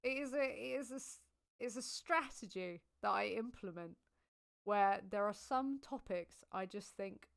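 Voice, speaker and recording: A woman's voice: on the high side, expressive, normal speed, creaky. A woman hosting a casual livestream, chatty and giggly as she thanks viewers and reads comments. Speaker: livestream host.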